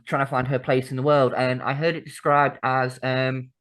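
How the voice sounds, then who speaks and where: A woman's voice: very deep voice, little pitch movement, normal speed. A woman co-hosting a podcast, chatty and sweary in casual talk. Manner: chatty and sweary, laughs often. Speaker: podcast co-host. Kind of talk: casual chat.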